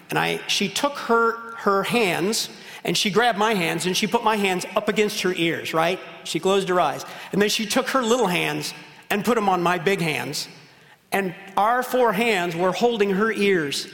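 A middle-aged male pastor preaching a passionate sermon, swinging from loud appeals to hushed, intimate moments. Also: sits high, normal speed. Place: church sanctuary. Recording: roomy church hall reverb.

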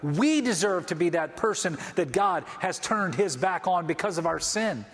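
A man's voice: high-pitched, expressive, moderate pace, big-room sound. A man preaching a sermon as pastor, impassioned, often restarting his phrases.

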